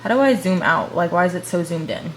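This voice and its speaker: A young woman vlogging at home, chatting casually and slangily while shopping online, gasping and whispering when excited. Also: on the low side, fairly quick. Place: room at home. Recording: echoey room with faint hum.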